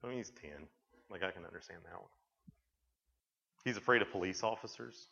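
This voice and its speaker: A man preaching to a youth camp, in a voice that sits a little low. He rambles from story to story and often starts a sentence over. The recording is dull and lo-fi. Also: a little fast, vocal fry, sharp tone. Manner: rambling storytelling, frequent restarts. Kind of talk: sermon.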